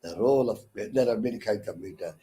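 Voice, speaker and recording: A fast-talking man with a lowish, warm voice and an Indian English accent gives an online lecture on poetic meter. He's a counsellor teaching English literature; his speech is hesitant, packed with fillers and restarts, and he stresses syllables in his read examples.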